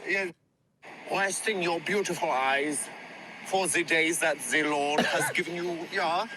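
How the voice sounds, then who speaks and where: A man's voice: fairly high pitch, steady tone, unhurried, lightly acted. A man putting on a fake German accent as a tipsy, overly polite man on a bike at dawn, filmed on a phone outdoors. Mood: cheery, flowery. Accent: put-on German accent. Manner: overly polite, flowery greetings. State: a little tipsy. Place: outdoors on a city bridge at dawn. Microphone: phone camera held while biking. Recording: phone video with loud traffic. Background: loud street and traffic noise.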